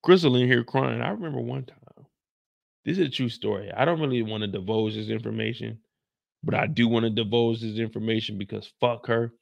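A man recapping a TV episode in casual storytelling style, animated and profane, loudly acting out quotes. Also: medium pitch, fairly quick, vocal fry, no echo. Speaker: recap host.

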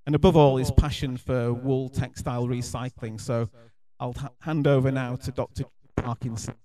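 A man's voice: mid-range voice, fairly even intonation, moderate pace, dark tone. A man gives a brief, formal introduction and hands over to the next speaker. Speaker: event presenter introducing a speaker. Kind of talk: spoken introduction.

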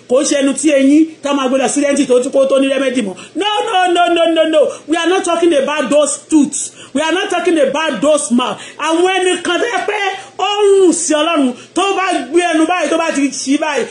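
A woman's voice: high-pitched, a little mellow. A Nigerian woman with a Yoruba accent leads a fervent live-stream prayer, chanting and repeating phrases and switching between English and Yoruba. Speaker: online blogger leading prayer.

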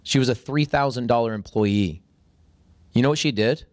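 As a podcast guest, this man tells an animated story in conversation, breaking into sudden high, excited voices when he acts out what people said. He speaks at a normal pace, and the studio-quality recording has no room sound.

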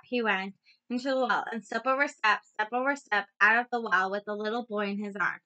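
A woman reading a story aloud for her channel, in a gentle storytelling manner. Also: on the high side, poor audio. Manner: gentle storytelling with soft sighs.

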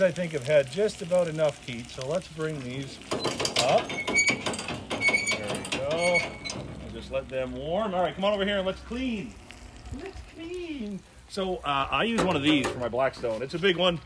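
A man with a high-leaning, animated voice hosts a casual cooking livestream outdoors in his backyard grilling area, speaking at a moderate pace. He's upbeat and jokey, chatting with viewers as he cooks, and heavy background noise surrounds him.

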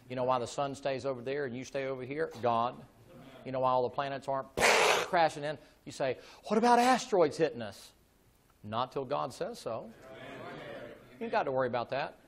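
Male pastor, church sermon, gravelly voice, joking rhetorical questions, conversational. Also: medium pitch.

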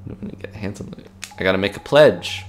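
A man's voice: low-pitched, animated, brisk, a little hiss or hum. Jokey man commenting on gameplay. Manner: jokey, laughs often, reads game text aloud. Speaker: game commentator.

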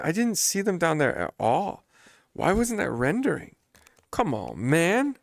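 A man streams a flight game with a mid-range voice that swings widely in pitch, speaking at normal speed over a noisy background. He chats casually with viewers and pokes fun at his own flying, giving relaxed live gameplay commentary.

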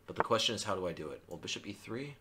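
Low animated man narrating his chess game. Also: rapid-fire, noisy background. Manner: thinks aloud, excitable, self-mocking. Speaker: chess streamer. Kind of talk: live chess commentary.

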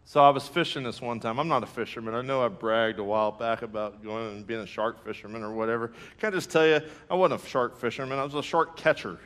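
A man, preaching a sermon with lively storytelling and acted-out reactions. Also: medium pitch, fast, hardly any pauses. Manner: storytelling, animated, acts out his own reactions; laughs through jokes. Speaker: pastor.

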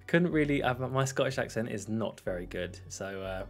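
A man's voice: on the low side, lively intonation, normal speed, faint music behind. Chatty man streaming a game. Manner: chatty, rambling, answers chat questions, laughs easily. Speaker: gaming streamer. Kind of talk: casual live-stream chat while playing.

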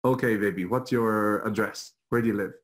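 A young man with an Irish accent and a fairly low voice tells a personal story as a guest on an online show. He jokes at his own expense and keeps it light. He talks casually and loosely. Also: steady tone, normal speed, rough recording. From Ireland. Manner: jokey, self-deprecating storyteller.

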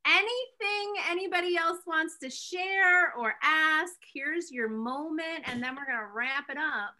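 A woman hosting a casual online workshop, enthusiastic and full of quick reactions. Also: sits high, bright, forceful tone. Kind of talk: casual group chat.

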